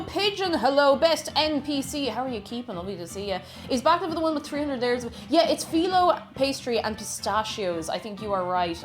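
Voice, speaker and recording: A woman streaming live, chatting casually and reading out viewer messages in a bubbly, sing-song way. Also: fairly high pitch.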